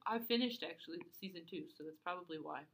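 A young woman co-hosting a podcast, chatting casually and often trailing off into soft murmurs. Her voice sits a little low yet sounds bright. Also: fast talker, gravelly. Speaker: podcast co-host. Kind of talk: casual chat.

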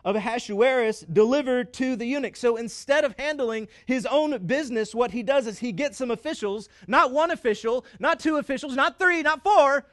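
A man preaching a sermon as pastor, emphatic and building through repetition, with dramatic pauses and wry asides to the congregation. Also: extremely high pitch, fairly bright tone.

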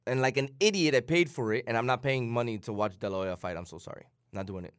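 Fast-talking teasing man co-host. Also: mid-range voice, clear, resonant tone, no echo, studio quality. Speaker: radio co-host. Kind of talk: casual radio chat.

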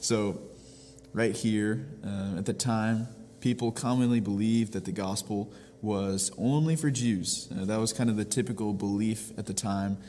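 Pastor, male, lower register, earnest explainer, reverberant room with a faint background hum. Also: a little slow, warm tone. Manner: earnest, explains step by step with frequent restarts. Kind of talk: devotional teaching.

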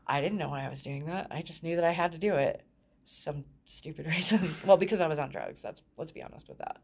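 Low-voiced woman, frank storyteller. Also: expressive, a little fast, creaky, darkish tone, husky. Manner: frank, laughs often mid-sentence. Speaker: guest telling her life story. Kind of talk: candid personal storytelling.

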